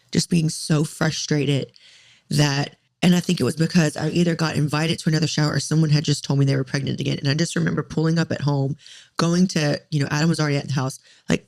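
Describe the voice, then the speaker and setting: A woman in her thirties, a podcast co-host, telling a candid personal story with deep feeling and many "like" fillers. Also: gravelly, darkish tone. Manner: emotional, tearful at times, many "like" fillers.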